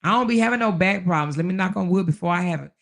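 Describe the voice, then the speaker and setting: Gravelly-voiced woman hosting a folksy chat. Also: on the low side, very fast, a bit bright. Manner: chatty, folksy, calls viewers baby, child and honey; laughs often while talking. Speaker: livestream host. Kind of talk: casual live chat reading viewer comments.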